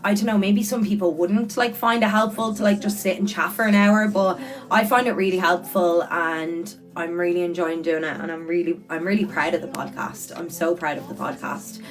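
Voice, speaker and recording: A young woman hosting a casual livestream and podcast reads viewer comments aloud in a chatty, earnest manner, repeating words for emphasis. Her voice is fairly low and moderately paced, with soft music playing in the background.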